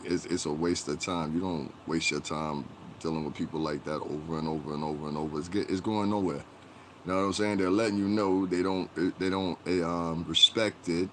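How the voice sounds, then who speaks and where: A man's voice: deep voice, fairly bright tone, a little hiss or hum. A man hosting a livestream, ranting bluntly and profanely to his chat and rambling with many fillers. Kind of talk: casual livestream rant.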